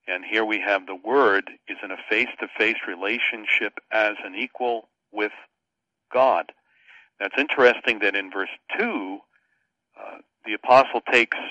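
An older man with a lowish, forceful voice teaches scripture as a radio guest, earnest and explanatory, often restarting his sentences. The sound is dry and a little dull, like lo-fi radio. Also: dry recording.

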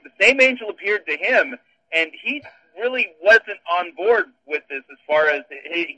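Bright-voiced pastor on a thin line. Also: male voice, fairly high pitch, slightly rough, no echo, rough recording. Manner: wry, explanatory, with dry humor. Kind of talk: casual theological discussion.

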